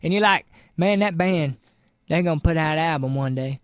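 A man's voice: fairly high pitch, fairly quick, clean tone, dry recording, clean studio sound. A man co-hosting a morning radio show, making wry self-deprecating jokes. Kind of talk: casual radio banter. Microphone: studio mic.

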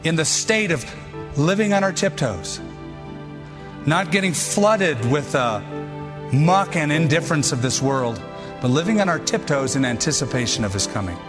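A man preaching a sermon in short, punchy bursts that he often repeats for emphasis. His voice sits a bit high for a man. Long reverb trails off each phrase, like a large hall. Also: expressive, moderate pace, music in the background. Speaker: pastor.

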